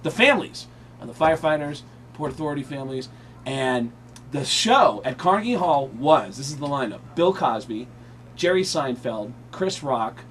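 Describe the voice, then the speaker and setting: A man's voice: on the high side, expressive, normal speed, fairly bright tone, a little hiss or hum. A man in his thirties, a comedian being interviewed on radio, telling stories in a chatty, breezy way with lots of fillers. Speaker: comedian guest.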